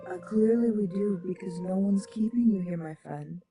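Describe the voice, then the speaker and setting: A woman's voice: mid-range voice, moderate pace, mellow. A woman co-hosting a live talk show, blunt and exasperated yet caring toward a troublesome caller. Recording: music playing behind.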